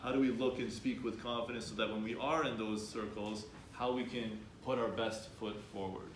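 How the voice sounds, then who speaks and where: An upbeat man coaxes a room of students with questions while leading an interactive workshop. His steady voice is on the low side, delivered at a moderate pace. There's echo in the room and some faint background noise.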